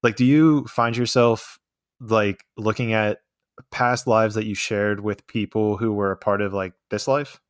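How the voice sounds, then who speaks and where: A man hosting an interview, asking relaxed, rambling questions full of fillers. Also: lowish voice, measured pace, clean tone, dry recording, clean studio sound. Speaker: podcast host. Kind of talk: casual interview chat.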